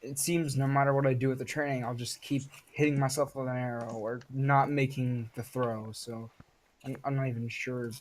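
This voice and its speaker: A young man playing a tabletop game, speaking in character in an earnest, halting way. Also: mid-range voice, flat delivery, a little hiss or hum. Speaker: player. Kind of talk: casual in-character play.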